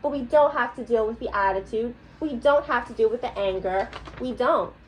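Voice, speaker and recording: Woman, mid-high voice, sarcastic and insistent in a tense meeting. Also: moderate pace, a little hiss or hum, rough recording. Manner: pointed, sarcastic praise, insistent. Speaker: employee in workplace meeting. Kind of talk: heated workplace meeting.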